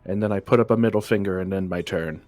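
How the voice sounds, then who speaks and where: A man playing a character in a tabletop game, declaring his actions in a lively, joking way. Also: low voice, quick pace, dry recording, soft background music. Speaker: player. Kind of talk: casual tabletop play.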